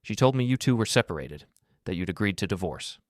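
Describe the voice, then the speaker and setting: A man voicing a smooth-talking doctor who sounds strained and uncertain. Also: sits low, lively intonation, a little fast, no echo, clean studio sound. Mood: uneasy.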